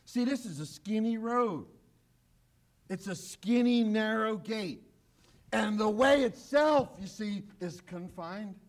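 A man preaching a sermon with emphasis, swinging from loud declarations to quiet, low asides. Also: lively intonation, slow pace. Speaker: pastor. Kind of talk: radio sermon.

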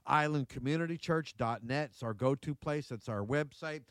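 A man's voice: medium pitch, moderate pace, no room sound. A male pastor making a direct, inviting announcement about his coming sermon. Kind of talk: spoken church announcement.

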